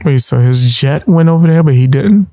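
A laid-back man co-hosting a casual chat, drifting into long asides. His voice is mellow and dark. The recording is dry and close. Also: a little high, moderate pace, no room sound. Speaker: co-host.

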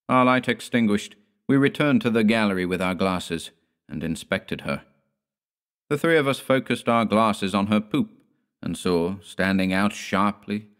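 A man reading a horror story aloud in measured, dramatic storytelling. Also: on the low side, smooth. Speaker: narrator. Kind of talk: scripted horror audiobook narration.

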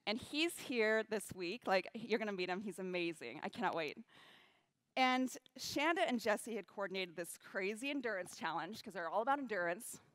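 A woman giving a keynote talk on stage, telling a story in an animated way, acting out quotes and laughing often. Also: mid-range voice, moderate pace, dry recording. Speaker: keynote speaker. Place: event stage.

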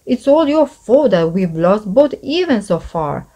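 A woman's voice: mid-range voice, very animated, a little slow, dark tone, dull audio. A woman reading the part of a quarrelsome spotted male goblin in a storybook, grumbling and blaming.

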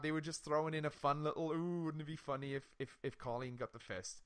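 A young man chats on a podcast, telling a story with plenty of animated energy. His voice sits a little high for a man, and he swears and laughs freely as he goes. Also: fast talker, clear, resonant tone. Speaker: podcast co-host. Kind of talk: casual chat.

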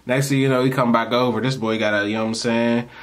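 A man's voice: medium pitch, fast talker. A man telling a story casually to camera for his vlog, in a loose, slangy, rambling way that keeps breaking into laughs. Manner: animated, acts out the people he quotes. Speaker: storytime vlogger.

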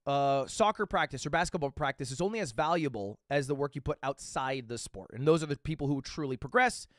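A man's voice: a little high, animated, fairly quick, a bit bright, dry recording, clean studio sound. A man telling a live chat a rambling, casual anecdote, swearing freely and checking in with "okay?" and "right?" as he goes. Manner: casual and profane. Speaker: livestreamer.

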